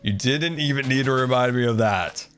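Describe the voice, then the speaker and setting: A man's voice: medium pitch, normal speed, fairly bright tone. A man streaming casually, ranting animatedly and joking with his viewers.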